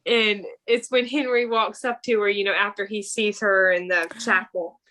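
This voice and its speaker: A woman's voice: medium pitch, fairly even intonation, moderate pace, bright, forceful tone. A young adult woman co-hosting a podcast, eagerly retelling her favorite scenes from her notes. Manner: enthusiastic, reads notes. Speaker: podcast co-host. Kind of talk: casual movie recap chat.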